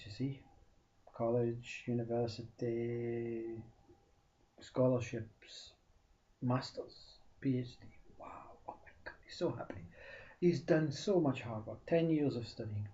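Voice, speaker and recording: A man telling a spiritual parable in animated bursts, often repeating words and dropping to a whisper. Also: mid-range voice. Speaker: spiritual storyteller. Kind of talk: storytelling talk. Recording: dull lo-fi recording.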